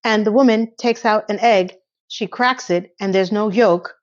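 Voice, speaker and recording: Woman, casual TV recap, chatty, sarcastic asides, mid-pitched voice, slightly muffled lo-fi sound. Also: unhurried. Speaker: TV episode reviewer.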